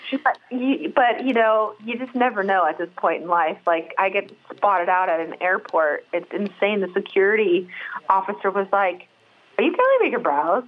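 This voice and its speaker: This podcast guest, a middle-aged brow artist, talks openly in a relaxed conversation, often restarting and using fillers. Her pitch is medium and her pace moderate. The highs in the recording are cut off.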